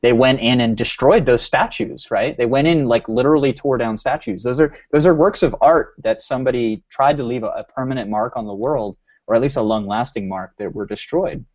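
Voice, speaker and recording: A man's voice: medium pitch, a little fast, darkish tone, dull audio. A man co-hosting a podcast, musing aloud in a rambling way full of restarts and fillers. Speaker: podcast co-host. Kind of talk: casual podcast discussion.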